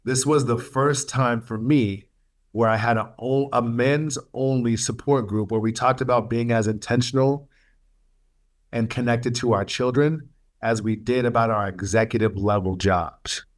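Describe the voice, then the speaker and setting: A man sharing his life story as a webinar speaker, earnest and emotional, with halting pauses and fillers. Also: medium pitch, steady tone. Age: adult, studying for a master's. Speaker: webinar speaker, youth mentor.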